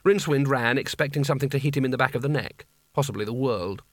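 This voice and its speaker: A man narrates a scripted comic fantasy audiobook at a quick pace, with dry, wry timing. His pitch is ordinary, mid-range, and the recording is close and dry, with no room sound.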